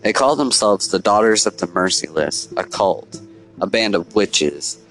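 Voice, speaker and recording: Man doing a low-voiced, haunted middle-aged father, measured and solemn, faint music behind. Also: lively intonation, a bit bright, rough recording. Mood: grave. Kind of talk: storybook narration.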